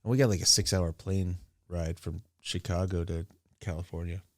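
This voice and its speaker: Rambling low-voiced man telling a story. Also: steady tone, moderate pace, darkish tone, no echo. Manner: rambling, laughing asides, crude. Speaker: streamer. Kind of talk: casual storytelling.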